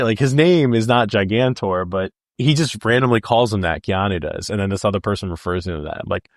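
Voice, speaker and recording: A man's voice: on the low side, brisk, few pauses, no echo, studio quality. A man co-hosting a podcast, talking casually about a film, laughing often and jumping into quoted lines. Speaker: podcast co-host.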